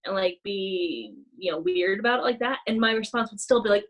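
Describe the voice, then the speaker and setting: A woman co-hosting a casual chat, talking in an animated way with many "like" fillers and acting out gasping apologies. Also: medium pitch, a little fast, few pauses, rough recording. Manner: frequent "like" fillers. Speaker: podcast co-host.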